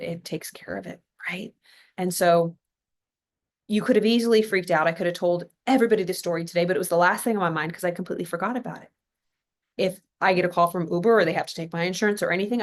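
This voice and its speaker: Chatty woman from California, slightly low voice. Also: fairly even intonation, fast talker. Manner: chatty storytelling, many fillers and asides. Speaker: podcast host. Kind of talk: casual motivational talk.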